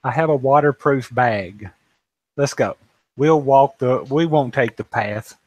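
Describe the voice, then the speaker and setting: A man's voice: medium pitch, unhurried, a little mellow, no echo. A man plays his character at a tabletop game in a breezy, reassuring way. His voice sits in the middle of the range and sounds dry and close. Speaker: player.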